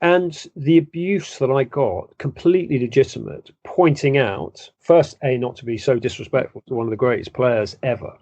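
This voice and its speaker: A man, a football journalist, giving measured, self-deprecating interview answers with frequent restarts. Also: medium pitch, darkish tone, dry recording. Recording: dull lo-fi dry sound.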